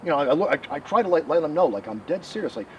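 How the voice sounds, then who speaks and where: A man who researches the paranormal, telling ghost stories in an animated interview outdoors by a rural road. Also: a little high, lo-fi sound. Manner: animated, quick storytelling. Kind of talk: storytelling interview. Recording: distant mic, outdoor traffic noise.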